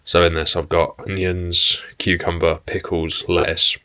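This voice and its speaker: A young man chatting casually to camera in a relaxed, rambling way, with fillers and some swearing. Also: sits low, a little slow. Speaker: bodybuilding vlogger and personal trainer. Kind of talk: casual vlog chat to camera. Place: indoors at home and in a parked car.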